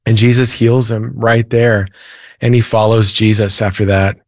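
A man's voice: on the low side, flat delivery, moderate pace, dry recording, studio quality. A man, a Christian author and preacher, earnestly retelling a Bible story as a guest in an interview. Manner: earnest, retells scripture with quoted voices.

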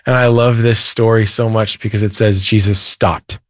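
A man's voice: fairly low pitch, little pitch movement, moderate pace, dry recording, studio quality. A man, a preacher and author, earnestly retelling a Bible story as an interview guest.

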